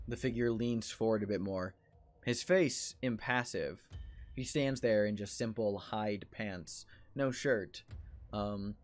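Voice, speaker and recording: A man acting as game master, narrating a tabletop horror game in a halting way, full of fillers and restarts. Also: on the low side.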